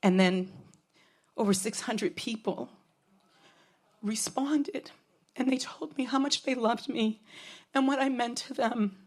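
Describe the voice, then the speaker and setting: A woman's voice: a little high, slow pace, pauses often. A middle-aged woman telling a frank, comic personal story on stage, swearing freely. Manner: frank, profane, comic, with laughs from a crowd.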